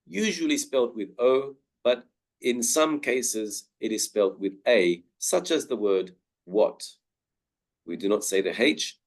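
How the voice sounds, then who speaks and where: Teaching pronunciation over a webinar, this man keeps a slow, careful pace. Each example word gets stretched out, and his pitch moves around lively and wide.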